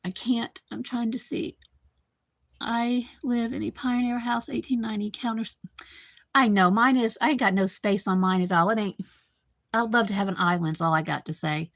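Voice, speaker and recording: A talkative woman in her fifties with a drawl and a fairly high voice rambles easily through a casual chat from her kitchen. She talks to her viewers by name, and her voice comes through a computer microphone in a dry, close sound with no room echo. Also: fairly even intonation, normal speed, a bit bright. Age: 50s. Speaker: live-stream host. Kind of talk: casual live-stream chat. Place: home kitchen.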